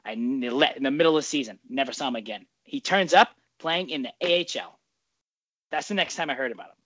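A man in the host's chair of a casual chat, rambling from thought to thought with plenty of swearing and laughs. His voice sits at an ordinary middle pitch and sounds dry and close, with no room around it. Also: fast, fairly bright tone, no room sound. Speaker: podcast host.

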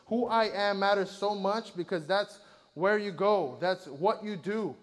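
A man's voice: high-pitched, moderate pace, long reverb tail. A man preaching a sermon, retelling scripture in an earnest, conversational way with frequent fillers.

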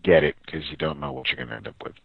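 A man co-hosting a comics podcast, chatting casually with a halting, earnest manner. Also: medium pitch, very animated, creaky, no room sound, highs cut off. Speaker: podcast co-host. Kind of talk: casual chat.

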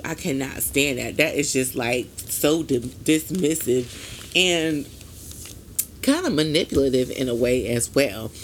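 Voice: mid-range voice, a bit bright, slight background noise. A podcast host talking in a casual solo monologue, blunt and emphatic, with casual swearing and frequent asides to the listener.

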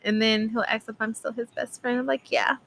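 A woman's voice: a little high, little pitch movement, brisk, gravelly, a bit bright, slight background noise. A woman, chatting candidly as a podcast co-host and telling stories with a laugh. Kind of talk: casual chat.

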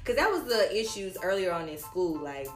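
A woman's voice: lowish voice, very animated, normal speed, echoey room, faint music behind. A woman talking casually as a podcast co-host and mother, rambling and candid and swearing freely. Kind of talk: casual chat.

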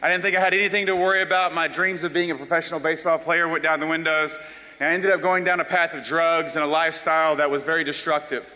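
A young man from South Carolina, telling his life story as an animated, self-deprecating testimony. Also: a little high, fast. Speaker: speaker giving a personal testimony. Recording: long reverb of a large hall.

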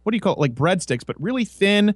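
A man's voice: high voice, sing-song, fast, slightly rough, no room sound, clean studio sound. A man hosting a casual talk show, rambling and joking as he tells stories. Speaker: podcast host. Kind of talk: casual chat.

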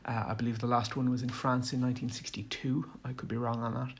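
A man's voice: mid-range voice, flat delivery, quick pace, a little hiss or hum. A man giving a rambling casual monologue on running tabletop games, hesitant with many fillers and restarts. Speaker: tabletop game commentator.

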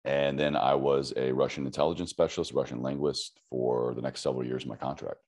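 Man, very low deep voice, relaxed chatty storytelling, lots of ums. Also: a little fast. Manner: relaxed, chatty, frequent fillers. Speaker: guest, army veteran and podcaster. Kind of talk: casual interview storytelling.

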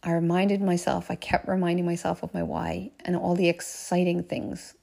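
A woman with a gravelly, fry-edged voice, talking through a personal story for her podcast. She sounds earnest and heartfelt, circling back over key phrases, and at times drops into soft, breathy asides. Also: lowish voice, flat delivery, moderate pace, hardly any pauses. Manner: earnest and heartfelt, often repeating phrases for emphasis. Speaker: life coach podcast host.

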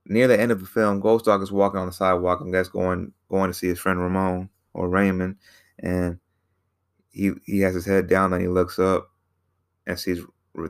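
Casting: low-voiced man with a gravelly edge, casual rambling film recap. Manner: rambling, repeats himself, many fillers. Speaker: film reviewer.

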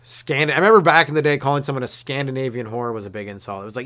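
A male comedian hosts a solo podcast, rambling and swearing through a loose rant while laughing at his own jokes. His voice is medium in pitch, steady, and a little bright, and he slips into quick mock voices when quoting people.

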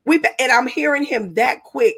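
A woman's voice: sits high, normal speed, a bit bright. A woman hosting a podcast, chatting casually and affirming her guest. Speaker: podcast host. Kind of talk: casual chat.

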